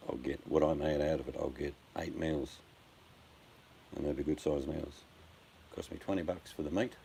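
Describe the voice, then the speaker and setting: A man's voice: a bass voice, steady tone, normal speed, gravelly, warm tone. An older Australian man chatting casually on a live stream, blunt and joking, addressing his viewers by name. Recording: faint background noise.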